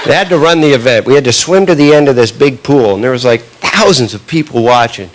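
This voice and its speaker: Animated man telling stand-up stories. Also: medium pitch, brisk. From Canada. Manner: animated, punchy delivery with frequent tag questions. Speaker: stand-up comedian. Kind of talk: stand-up storytelling. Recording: live recording with audible background noise.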